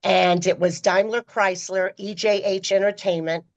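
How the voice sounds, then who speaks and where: Animated middle-aged woman telling stories. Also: moderate pace, rough recording. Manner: animated, acts out quoted voices with pitch jumps. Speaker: podcast guest, former personal assistant. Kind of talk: casual storytelling.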